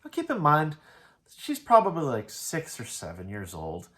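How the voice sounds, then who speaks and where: A man's voice: a little high, wildly swooping pitch, normal speed, fairly bright tone. Rambling man breaking down an anime episode. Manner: rambling, loose retelling peppered with "like". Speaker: anime reviewer. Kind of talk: casual episode analysis.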